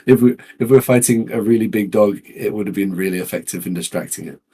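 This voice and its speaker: A man's voice: fairly low pitch, fast, warm tone, breathy edge. A man playing a tabletop game, chatting casually with hesitant restarts. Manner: hesitant, stammering, laughing often. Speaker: player. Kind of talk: casual chat.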